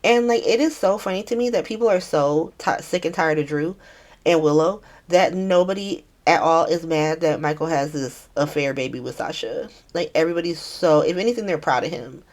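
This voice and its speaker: A woman's voice: low voice, normal speed. A woman hosting a podcast, recapping a soap opera in casual, profane chat and acting out the characters' lines in shifting voices. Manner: chatty, profane, acts out quotes in shifting voices.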